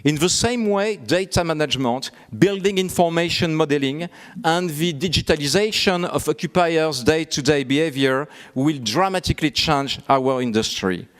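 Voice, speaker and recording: A man with a fairly high voice delivers prepared remarks at a conference. He speaks in a measured way and steps through figures and trends. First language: French. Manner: measured, listing facts and figures. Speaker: keynote speaker. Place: conference hall.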